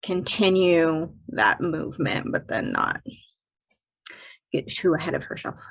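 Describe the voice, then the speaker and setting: A woman's voice: sits low, expressive, a little slow, vocal fry. A woman co-hosting a dance podcast, chatting about technique, laughing easily and searching for words. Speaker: dance instructor co-host. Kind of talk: casual technical chat.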